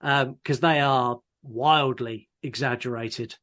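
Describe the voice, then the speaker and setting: A man from England co-hosting a casual podcast, talking dryly with halting restarts. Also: mid-range voice, steady tone, a bit bright. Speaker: podcast co-host. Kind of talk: casual chat.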